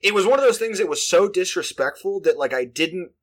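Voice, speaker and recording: A man's voice: high-pitched, animated, a little fast, fairly bright tone. A man, telling a profane, rambling story in casual chat. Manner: profane, rambling, filler-heavy delivery.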